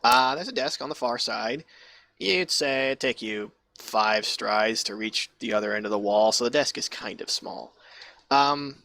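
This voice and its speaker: Creaky bright-voiced male game master. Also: mid-range voice, unhurried. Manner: casual, rambling, swears freely. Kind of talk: narrating a tabletop game online.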